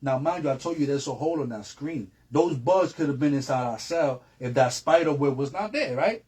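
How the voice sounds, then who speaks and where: A man's voice: mid-range voice, lively intonation, brisk, a little mellow, slightly rough. Streetwise New man telling a story. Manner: streetwise, repeats phrases, heavy slang. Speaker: interview guest. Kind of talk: casual storytelling.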